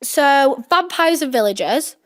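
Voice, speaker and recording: Chatty high-voiced young woman. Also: lively intonation, a little slow. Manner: chatty, giggly, acts out quotes, many "like"s. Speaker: podcast guest, former reality show contestant. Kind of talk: casual storytelling chat.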